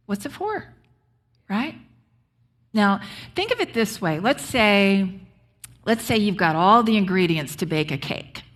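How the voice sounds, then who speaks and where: A woman pastor giving a conversational sermon, often checking in with her congregation. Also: a little high. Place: church sanctuary.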